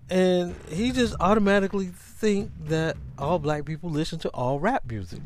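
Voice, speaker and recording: A man hosting a podcast, talking in a casual, animated, rambling monologue with many restarts. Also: high-pitched, brisk, hardly any pauses, soft background music. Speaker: podcast host.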